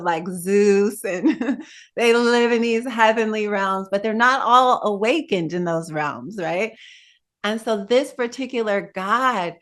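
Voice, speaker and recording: During a dharma talk, a female meditation teacher relates a Buddhist story in a lively manner, adding asides for her audience. She has a mid-range voice.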